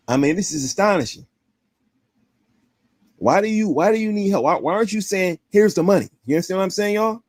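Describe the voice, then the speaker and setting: A man's voice: sits high, expressive, normal speed, long pauses, darkish tone, no echo. Indignant man with a dry close sound. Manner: indignant, rhetorical questions. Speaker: stream host. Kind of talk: commentary reacting to a clip.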